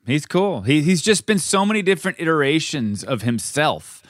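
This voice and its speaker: A man co-hosting a podcast, speaking earnestly and haltingly, often repeating words. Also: a little high, very animated, a bit bright, no echo, studio quality. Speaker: podcast co-host. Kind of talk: casual chat.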